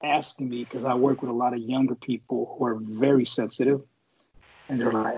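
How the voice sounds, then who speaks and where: A man's voice: mid-range voice, steady tone, fairly quick, rough recording. A middle-aged man from the Bay Area, a former Marine reservist, telling a rambling war story full of swearing and filler words. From San Francisco Bay Area. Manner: profane, rambling, lots of fillers. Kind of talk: casual chat, storytelling.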